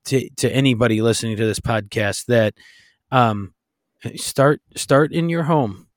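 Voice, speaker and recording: A man's voice: mid-range voice, measured pace, no room sound, clean studio sound. A man co-hosting a faith-based podcast, talking in an earnest, exhorting way with frequent restarts. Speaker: podcast co-host.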